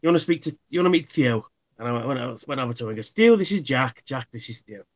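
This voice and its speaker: A man's voice: mid-range voice, expressive, fast talker. A man, a livestream guest, telling anecdotes casually and acting out what people said. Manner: anecdotal, acts out quotes. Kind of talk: casual chat.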